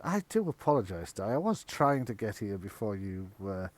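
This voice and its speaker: Man doing a fussing lady of the house, brisk, exasperated, lively pitch. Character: flustered mistress of the house, woman.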